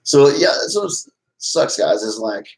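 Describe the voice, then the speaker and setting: A middle-aged man live-streams and talks casually to his chat, his medium-pitched voice swinging widely in pitch with some vocal fry and a slightly slow pace. He rambles restlessly, restarting often, shifting from agitated to apologetic. The audio quality is poor.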